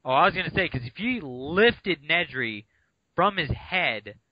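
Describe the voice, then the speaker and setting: A man's voice: on the high side, expressive, unhurried, no room sound. A man co-hosting a podcast, chatting casually about a book in a laid-back way, often with short replies. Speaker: podcast co-host. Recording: dull lo-fi podcast audio.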